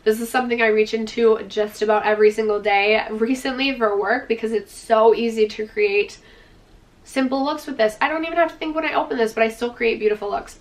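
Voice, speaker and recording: A woman with a slightly high voice gushes through a makeup palette review, full of enthusiasm and casual filler words. She sits a little back from the microphone, so her voice sounds somewhat distant. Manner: gushing, enthusiastic, uses "like" and "freaking" often. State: out of breath, dry throat. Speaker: beauty vlogger. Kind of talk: product review vlog.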